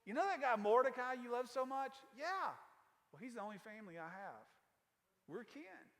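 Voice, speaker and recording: A preacher voicing a hushed, earnest queen. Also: very high voice, very animated, moderate pace, long reverb tail, full character voice. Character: a quiet, earnest young queen.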